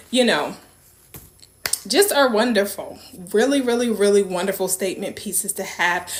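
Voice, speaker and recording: Slow-talking woman gushing over fabric. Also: medium pitch. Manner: gushing, repeats herself, drops into soft whispers. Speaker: small business owner and vlogger. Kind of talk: casual unboxing vlog. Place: room at home. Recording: echoey room with faint noise.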